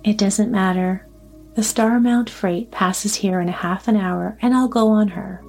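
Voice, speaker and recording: A woman's voice: medium pitch, steady tone, measured pace, a little mellow, soft background music. A woman voicing a polite, secretive man in a storybook reading. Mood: courteous. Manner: polite, reserved. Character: courteous, secretive dark-haired man.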